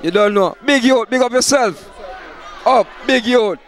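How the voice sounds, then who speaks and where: A man with a Jamaican accent, a party promoter giving loud hype shout-outs in patois to guests at his outdoor event. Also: very high-pitched, a little slow, some chatter behind.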